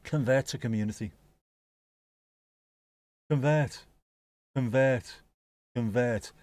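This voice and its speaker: Man, rambling jokey match chat, mid-pitched, dry close sound, swears a lot. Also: fairly even intonation, moderate pace, pauses often, darkish tone, no room sound. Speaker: watch-along streamer. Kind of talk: casual live match commentary chat.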